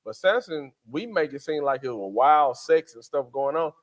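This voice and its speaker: A man's voice: on the high side, lively intonation, normal speed. A man, co-hosting a faith podcast in casual chat, acting out quotes in character voices. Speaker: podcast co-host.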